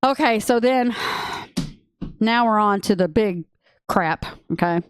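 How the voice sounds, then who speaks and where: A woman with a Texan accent co-hosting a casual podcast chat, excitable and gushing, laughing often. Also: mid-range voice, slow, a little hiss or hum. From Texas. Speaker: podcast co-host.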